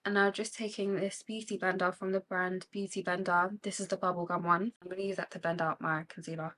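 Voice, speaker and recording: A woman's voice: lowish voice, little pitch movement, brisk, a bit bright. A young woman with a British accent chatting candidly while doing her makeup, talking with emotion about faith and living with intention. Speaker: beauty vlogger.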